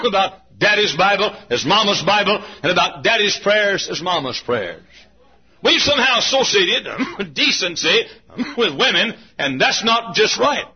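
A preacher delivers a folksy sermon that climbs into shouting runs. His voice sits high and sounds a bit husky. The old recording is dull and muffled. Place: church auditorium.

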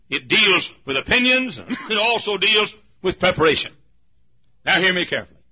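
An older preacher giving a sermon, moving from quiet storytelling to shouted emphasis, with frequent coughs. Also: male voice, sits high, husky. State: coughing often. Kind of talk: fiery sermon. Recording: muffled lo-fi sermon tape.

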